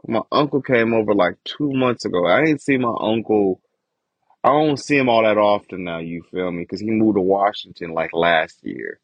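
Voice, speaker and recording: Husky-voiced man ranting on a podcast. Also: lowish voice, lively intonation, normal speed, no echo. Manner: frustrated profane ranting about family. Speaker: podcast host. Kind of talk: casual podcast monologue. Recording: dull lo-fi dry recording.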